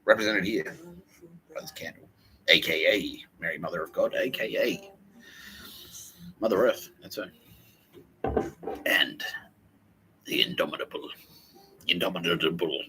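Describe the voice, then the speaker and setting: Low-voiced guy rambling on his comedy podcast, swears a lot, bright lively delivery. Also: measured pace, pauses often, slight background noise, low-quality recording. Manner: profane, rambling, thinking out loud. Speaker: podcast host.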